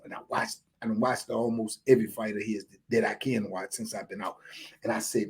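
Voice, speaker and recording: A man in his fifties, a guest on an interview, talking casually and with animation, often asking "you know what I'm saying" and sometimes dropping to a low murmur. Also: sing-song, moderate pace. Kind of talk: casual boxing talk.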